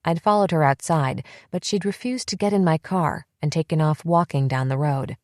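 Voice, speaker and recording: A woman reading a first-person psychological thriller audiobook in a tense, measured way on a close mic. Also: low voice, a little mellow, no room sound. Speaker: audiobook narrator.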